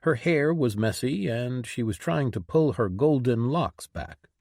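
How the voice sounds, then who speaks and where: A man narrating a fantasy audiobook in an expressive reading style. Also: mid-range voice, measured pace, creaky, dry recording, studio quality.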